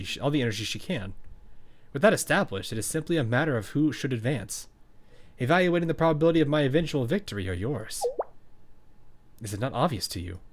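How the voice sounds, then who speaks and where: A man voicing a cool, calculating teenage girl strategist, speaking in a measured, formal and quiet way. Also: mid-range voice, lightly acted.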